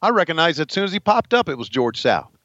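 A man's voice: fairly high pitch, sing-song, fast talker, fairly bright tone, dry recording, lo-fi sound. A man in his sixties co-hosting a podcast, chatting casually and laughing over old wrestling footage. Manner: laughing, easygoing, folksy. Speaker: podcast co-host.

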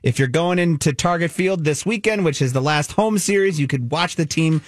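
A man co-hosting a radio talk show, upbeat and informative as he runs through sports news. His voice is a bit high for a man, and the sound is dry and close. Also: moderate pace, no room sound. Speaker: radio co-host, producer. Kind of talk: casual chat.

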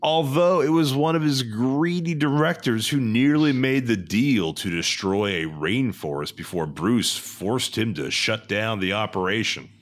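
A man hosting a casual podcast, reading episode summaries aloud in a jokey, animated way. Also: mid-range voice, unhurried, hardly any pauses. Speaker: podcast host.

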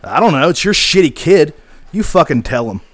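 A man's voice: on the high side, sing-song, normal speed, dry recording. Sarcastic, blunt man on a podcast. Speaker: podcast co-host. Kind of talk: casual chat.

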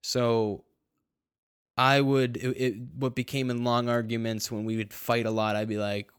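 A young man in casual conversation, telling a personal story in a halting way, full of fillers, restarts and swearing. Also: medium pitch, little pitch movement, smooth, dry recording, clean studio sound. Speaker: guest telling his story.

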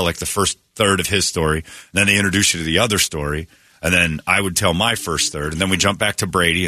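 A man's voice: low voice, no echo, clean studio sound. A man hosting a radio show, telling a story in casual chat with lots of restarts and fillers. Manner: animated retelling with many restarts and fillers. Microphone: studio microphone.

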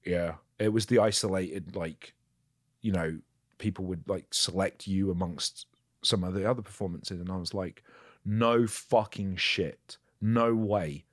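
A man's voice: low-pitched, fairly even intonation, a little slow, dry recording, studio quality. A man, an actor, candidly recounting his work in casual chat, swearing freely and mocking himself. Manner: candid, profane, self-mocking storytelling. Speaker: actor guest.

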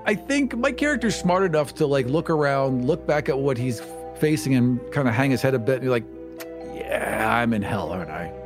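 A man playing a tabletop game, talking in a playful, animated way. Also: medium pitch, a little fast, over music. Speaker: player.

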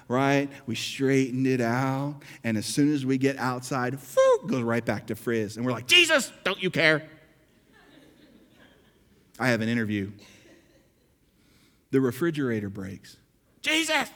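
A man preaching a sermon as pastor, swinging between loud, soaring bursts and hushed, low passages. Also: long reverb tail.

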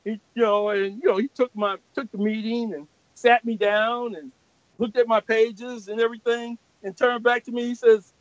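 High-voiced older man telling stories. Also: moderate pace, dry recording. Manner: animated, laughing, acts out quoted voices. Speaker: comic artist guest. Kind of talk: anecdotal storytelling. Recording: dull lo-fi recording.

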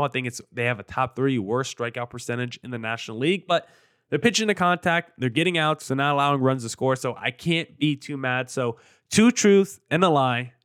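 A man's voice: mid-range voice, fairly bright tone, no echo, studio quality. Chatty male sports podcast host. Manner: conversational, rambling, upbeat, self-deprecating. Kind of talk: solo sports podcast talk.

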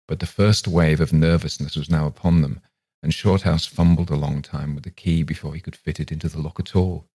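A man reading a classic ghost story aloud as a podcast narrator, in a measured, unhurried way. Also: rumbling low, warm tone, slightly rough, no room sound.

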